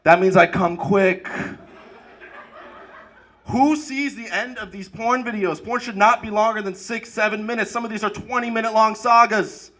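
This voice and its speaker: A man doing a stand-up comedy set on a club stage, energetic delivery that rises to shouted punchlines. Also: high-pitched, moderate pace. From Arab American.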